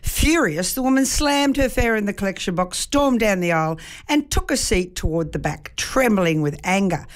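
A woman radio presenter telling a joke on air in a lively storytelling manner. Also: mid-range voice, normal speed.

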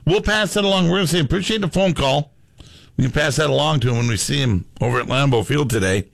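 A man's voice: on the high side, fast talker, vocal fry, no room sound. Man hosting sports radio, dry studio sound. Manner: chatty, reads listener messages aloud. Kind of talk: casual sports radio banter.

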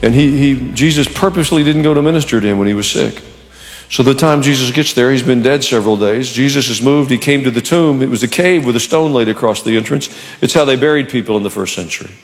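A male pastor preaching a sermon in a church, animated and conversational with touches of humor. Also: mid-range voice, fast talker, long reverb tail.

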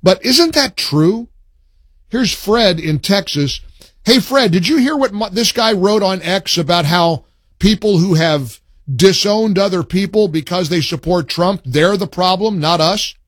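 A man's voice: sits high, no echo. A man hosting a talk radio show, speaking emphatically with punchy stress and chatting with callers. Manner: emphatic, reads a post aloud with slow punchy stress.

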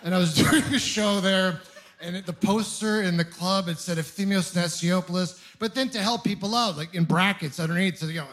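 A young man from Ontario doing a stand-up comedy set, telling stories deadpan with bursts of mock outrage. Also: high voice, fairly quick. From Ontario, Canada. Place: comedy club stage with audience laughing.

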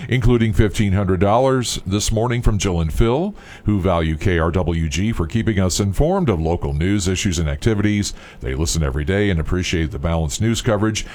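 A man's voice: low voice, a little mellow. A male radio host chatting with guests during a station pledge drive, rambling with lots of fillers. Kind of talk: casual pledge-drive chat.

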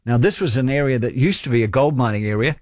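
A New Zealand man in his forties hosts talkback radio, talking in a relaxed, chatty way and spinning wry stories for his listeners. His voice sits at an ordinary middle pitch. It is recorded close and dry on a studio microphone, with no room sound. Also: fast, dry recording.

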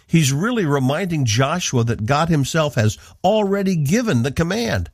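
A man's voice: a little high, very animated, moderate pace, few pauses, no room sound. A man from the northeastern United States, a radio Bible teacher giving an earnest, emphatic devotional talk into a studio microphone.

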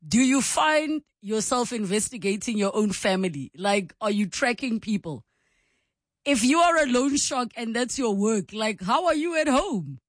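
A woman's voice: on the high side, sing-song, measured pace, dry recording, studio quality. Chatty woman radio host. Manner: chatty, curious. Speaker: radio talk show host. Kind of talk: casual chat reading voice notes.

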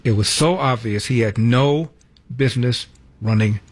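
A man hosting a political talk radio show, commenting in a mocking way. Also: a little slow. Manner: mocking, mimics quotes in a high voice.

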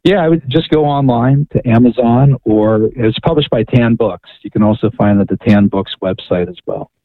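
A man's voice: mid-range voice, normal speed, no room sound. A male author and radio guest telling a story eagerly, often asking "right?" to check in. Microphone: phone call-in. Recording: tinny phone line.

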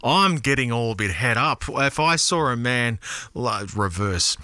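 An Australian man hosts a radio show in loose, excitable chat that swings all over the pitch range. His voice is bright and forward, recorded close and dry on a studio broadcast mic. He rambles through listener texts and swears freely. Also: measured pace, no room sound. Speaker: radio host.

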